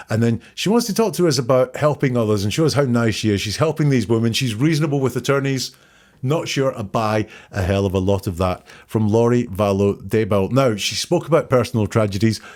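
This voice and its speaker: A man hosting a solo commentary show, quoting interview lines back and picking apart the wording in a measured, analytical way. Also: on the low side, lively intonation, a little mellow. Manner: measured, analytical, quotes lines back then dissects them. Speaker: host analyzing interview language. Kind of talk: solo commentary, breaking down quotes.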